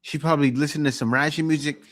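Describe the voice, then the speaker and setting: A man's voice: on the high side, steady tone, fast, fairly bright tone. A man hosting a reaction show, making casual teasing comments about a clip. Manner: joking, teasing remarks.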